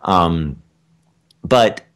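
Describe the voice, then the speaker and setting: A male stage actor being interviewed, chatting in an animated, talkative, self-deprecating way. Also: deep voice, very slow, smooth. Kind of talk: casual interview chat.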